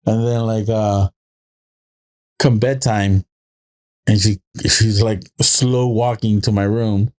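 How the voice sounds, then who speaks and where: A man's voice: on the low side, fairly even intonation, takes it slowly, long pauses, darkish tone. A man co-hosting a casual podcast, rambling through family anecdotes and acting out his little daughter's lines. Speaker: podcast co-host. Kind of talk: casual chat.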